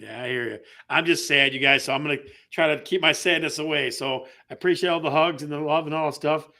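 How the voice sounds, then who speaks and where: Upbeat man hosting a live real estate stream, high bright voice, reads chat aloud and repeats phrases. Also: quick pace. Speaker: real estate show host.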